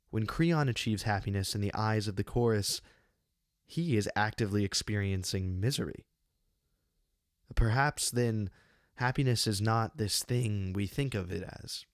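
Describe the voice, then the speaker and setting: A man reading his own essay on a classic play, measured and deliberate, with slow emphatic pauses, close to a studio microphone. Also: fairly low pitch, no room sound. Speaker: channel host giving a literary analysis.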